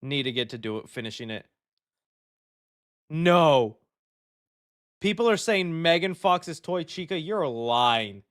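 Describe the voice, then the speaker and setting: Excitable young man hosting a livestream. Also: fairly high pitch, a little slow, long pauses. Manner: excitable, loud reactions, says "dude" a lot. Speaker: host of a live show. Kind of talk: casual livestream chat.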